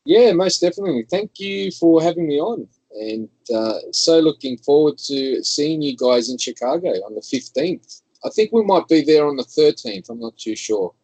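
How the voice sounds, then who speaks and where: A man's voice: a little high, animated, normal speed, darkish tone, slightly rough, no room sound, poor audio. Laid-back Australian man, dry sound. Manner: laid-back, slangy and friendly. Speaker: guest. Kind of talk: casual chat.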